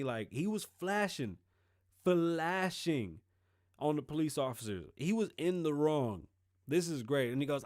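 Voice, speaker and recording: A middle-aged man hosting his own show, talking loose and sarcastic, with plenty of swearing and the dry mouth of someone who says he is high. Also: expressive, moderate pace, a little mellow, no room sound. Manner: loose, rambling, profane and sarcastic. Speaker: show host. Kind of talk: casual political commentary.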